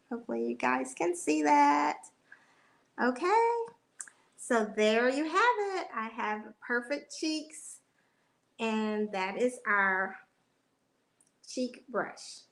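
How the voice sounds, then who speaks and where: Slow-talking woman presenting a cheek brush. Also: fairly high pitch, expressive, creaky, fairly bright tone. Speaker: beauty consultant. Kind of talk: product demonstration.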